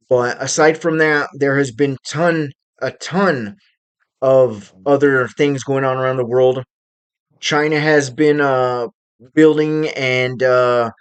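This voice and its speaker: A man hosting his own channel, giving casual, unscripted commentary on current events and pausing often to find his words. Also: medium pitch. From United States. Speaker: channel host.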